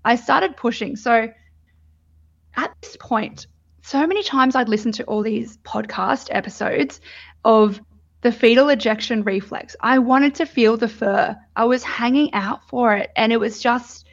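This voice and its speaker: Young aussie woman telling her birth story, candid and laughing a lot, voice a bit high, kinda dull lo-fi sound. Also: a little slow, gravelly. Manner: candid, chatty, laughs often, swears. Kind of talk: casual chat.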